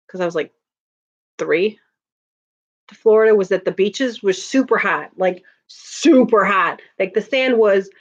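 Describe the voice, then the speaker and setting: A woman in her thirties chats casually on a livestream, greeting viewers and laughing often. Her voice sits at a middling pitch. The audio sounds dull and lo-fi, like a home stream setup. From Chicago area, USA. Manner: chatty, laughs often, talks to chat viewers. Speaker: livestream host.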